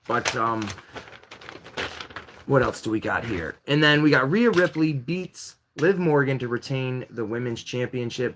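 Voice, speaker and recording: A man's voice: a little slow, a little hiss or hum. A man hosting a live-stream variety show, chatting casually and rambling with jokes while he fiddles with a Lego set. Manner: rambling, jokey, lively swings in pitch while building Lego.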